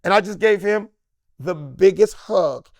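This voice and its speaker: A Los Angeles man in his fifties, appearing as a comedian guest in a sit-down interview, tells animated stories in a slangy, emphatic way and mimics the voices of the people he quotes. His voice is a bit high for a man, with a darkish tone and an unhurried pace. The recording is dry and close, with no room sound around it.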